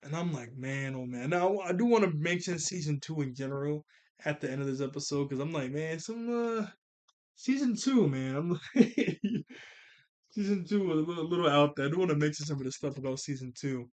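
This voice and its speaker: Excited man rambling through a recap. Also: on the high side, a little fast. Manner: excited, rambling retelling with fillers and laughs. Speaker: show reviewer. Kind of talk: casual episode recap.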